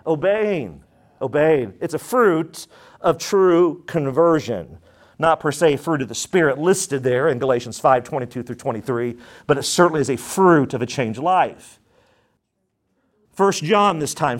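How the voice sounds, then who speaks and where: Emphatic preaching male pastor. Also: expressive. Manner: emphatic scripture reading, rising in pitch; slow prayerful tone. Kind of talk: sermon.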